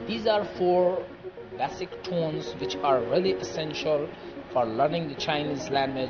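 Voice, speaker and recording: A man teaching a recorded language lecture, explaining step by step in a deliberate, repetitive way with many pauses. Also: mid-range voice. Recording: dull lo-fi audio with loud music.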